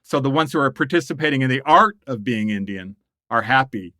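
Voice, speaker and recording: A middle-aged man from the United States tells stories with a bright edge to his voice. He is animated and laughs often, and the sound is dry and close to the mic. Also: medium pitch, fairly quick, no echo. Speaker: guest writer. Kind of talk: conversational interview storytelling.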